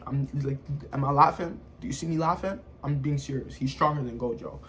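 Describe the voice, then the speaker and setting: A man giving casual anime review commentary, animated and slangy, full of sound effects. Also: medium pitch, brisk, a little hiss or hum.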